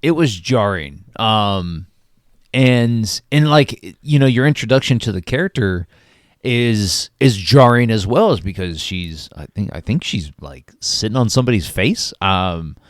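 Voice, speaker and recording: A man from Florida with a low voice gives his take on a film in a halting way, full of fillers. His pitch still swings widely. The recording is dry and close. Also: lively intonation, dry recording. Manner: halting, with many fillers and restarts. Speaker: podcast co-host. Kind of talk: casual film review chat.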